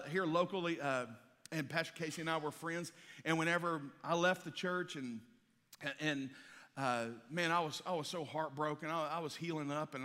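High-voiced pastor, animated, in a hall. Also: male voice. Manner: animated storytelling, acts out voices. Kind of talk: sermon. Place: church auditorium. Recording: long reverb of a large hall.

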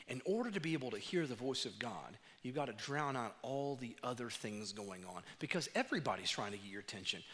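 A man preaching a sermon as pastor, animated and acting out dialogue as he tells stories. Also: medium pitch. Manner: animated, acts out dialogue in storytelling. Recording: long hall reverb.

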